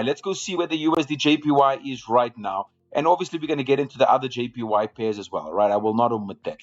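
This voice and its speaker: Animated man hosting a live trading stream. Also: a little high, highs cut off. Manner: animated, repeats phrases, asks viewers to follow along. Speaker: live trading room host. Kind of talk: live market commentary.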